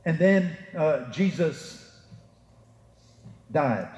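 A male pastor preaches with emphasis, his fairly high voice lifting as he voices the quotations and sinking low when he speaks straight to his listeners. The sound rings through a roomy church hall with a long reverb trailing each phrase. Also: expressive, extremely slow, darkish tone. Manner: emphatic preaching, rising for quotes, dropping low to address listeners. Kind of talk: sermon.

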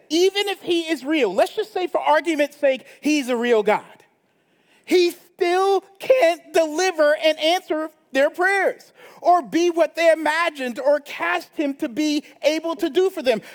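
A man pastor preaching a sermon in a conversational way, often checking in with a quick "right?". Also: very high voice. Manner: conversational preaching with frequent tag questions. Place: church sanctuary. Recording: long church reverb.

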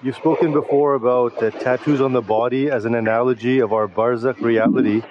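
A man's voice: medium pitch, fairly even intonation, fairly quick, lo-fi sound, a loud crowd. A man asking a religious teacher a question, opening with a polite formal greeting.

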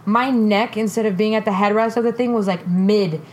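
A woman's voice: medium pitch, fairly quick. A young woman hosting a podcast, telling a dating story in casual chat, candid and profane, quoting people as she goes. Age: young adult. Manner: candid, profane, animated retelling with quoted voices. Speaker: podcast host.

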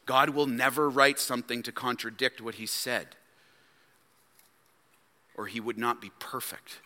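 A man preaching a sermon as pastor, emphatic, swinging between loud declarations and hushed low asides. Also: fairly even intonation, measured pace, pauses often, in a large hall. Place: church sanctuary.

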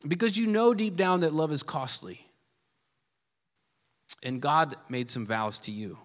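A pastor preaching a sermon with earnest emphasis that drops at times to a hushed, soft delivery. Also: male voice, a little high, moderate pace, long pauses. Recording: long reverb of a large hall.

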